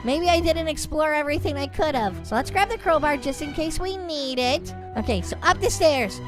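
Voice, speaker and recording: A woman hosting a gaming channel, giving chatty, excitable gameplay commentary. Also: high voice, normal speed. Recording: game music playing underneath.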